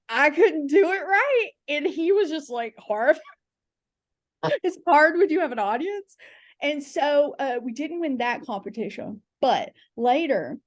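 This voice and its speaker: A fairly high-pitched woman, appearing as a guest comedian on a podcast, spins frank and chatty comic tales, quoting voices and using filler words. The audio is clean studio sound with no room sound.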